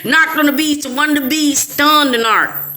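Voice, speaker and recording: A woman's voice: high-pitched, moderate pace, faint music behind. A middle-aged woman from Chicago's West Side, telling a story in casual chat with lots of laughter and quoted voices. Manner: animated, laughing, quoting others in voices. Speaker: host. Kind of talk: casual storytelling to a live audience.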